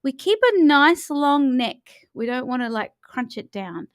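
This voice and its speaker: A woman coach with a slightly high voice guides a morning vocal warm-up. She keeps it chatty and encouraging, talking the listener through each stretch step by step. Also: very animated, measured pace, clean tone.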